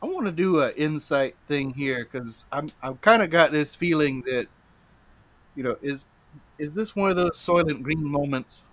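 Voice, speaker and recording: A man at a tabletop game talking in character, full of restarts and homespun phrasing. His voice sits a little high. The sound is dry and close. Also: lively intonation, fairly bright tone, no echo. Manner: halting, stammering, folksy in-character talk. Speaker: player.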